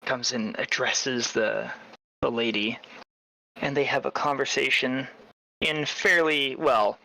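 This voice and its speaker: A man narrating as game master of a tabletop role-playing game, with lively, descriptive storytelling. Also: medium pitch, slow, vocal fry, no room sound, poor audio.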